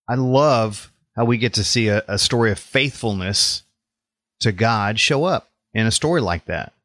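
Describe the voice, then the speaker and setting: Guy hosting an interview, calm, asks reflective questions, dry close sound. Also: fairly low pitch, normal speed, no room sound. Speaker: interview host.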